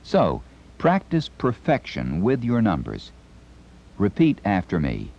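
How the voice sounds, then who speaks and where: Man, deep voice, very lively pitch, crisp enunciated instructional narration. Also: slow. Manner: crisp, carefully enunciated announcer delivery. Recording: dull lo-fi 1970s tape recording.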